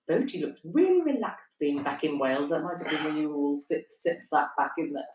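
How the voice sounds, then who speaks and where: A woman's voice: deep voice, big pitch swings, moderate pace, darkish tone, slight background noise. A woman co-hosting an evening livestream from a holiday stay in Wales, chatting casually, giggling and reading viewer comments aloud. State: stiff neck. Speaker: livestream co-host. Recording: roomy echo, distant from the mic.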